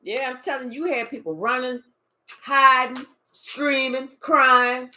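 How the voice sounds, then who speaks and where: In a measured pace and a high, bright, forceful voice, a woman reads tarot to camera. The channeled reading is casual and full of swearing, addressed directly to the viewer with murmured remarks to spirit.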